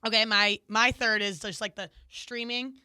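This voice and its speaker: A woman's voice: a little high, normal speed, clear, resonant tone, no room sound, studio quality. A woman co-hosting a podcast in casual chat, telling stories with lots of laughter. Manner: giggly, animated storytelling. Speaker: podcast co-host.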